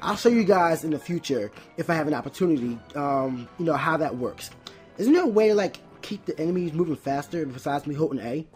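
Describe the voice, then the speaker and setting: A Let's Play host giving casual gameplay commentary, often stumbling, restarting words and filling pauses with "um". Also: mid-range voice, animated, a little mellow, soft background music.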